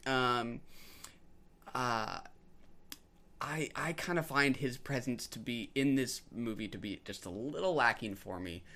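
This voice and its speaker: A podcast co-host chats casually about films, speaking hesitantly with many ums and restarts. His voice is medium-pitched and sharp in tone, and he takes an unhurried pace.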